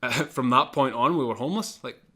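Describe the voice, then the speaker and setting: A man co-hosting a podcast, telling a long personal anecdote in an animated, chatty way and chuckling now and then. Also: mid-range voice, a little fast. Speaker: podcast co-host. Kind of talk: casual storytelling.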